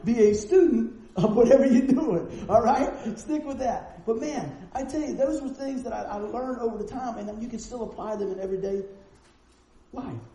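A man preaches a storytelling sermon, acting out each character in his stories. His voice sits high but sounds warm and soft-edged. The church sanctuary gives it a roomy echo with faint noise underneath. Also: normal speed. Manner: animated, acts out the people in his stories.

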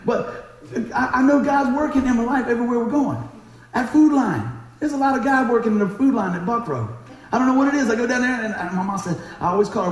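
A man delivers a sermon in a high, animated voice that leaps up and down. He tells stories fast, laughs often and acts out the people in them. The sound rings through a very echoey church hall. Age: 40s. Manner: talks fast. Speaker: preacher. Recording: very echoey room.

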